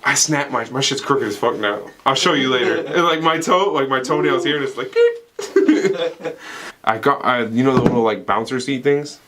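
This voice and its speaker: A man's voice: medium pitch, moderate pace, noisy background. A young man co-hosting a podcast, telling rambling, profane stories in casual banter and laughing often. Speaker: podcast co-host.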